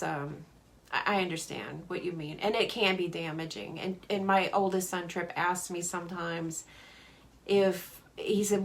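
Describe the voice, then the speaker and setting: Chatty woman with a slightly low voice. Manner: chatty, answers viewer comments; laughs often, friendly. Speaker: card-making demonstrator. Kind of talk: casual live craft demo.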